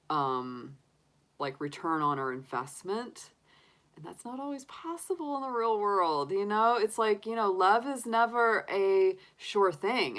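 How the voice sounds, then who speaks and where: Low-voiced chatty woman, laughing often. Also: fairly bright tone. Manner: chatty, laughs often, talks through her own reactions. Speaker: tarot reader answering live chat. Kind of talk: casual livestream chat.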